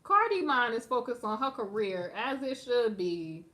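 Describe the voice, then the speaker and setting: Sassy high-voiced woman streamer. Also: sing-song, moderate pace, bright, forceful tone. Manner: sassy, emphatic, slangy, talks to viewers as "y'all". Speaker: live-stream commentator. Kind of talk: casual live-stream gossip commentary.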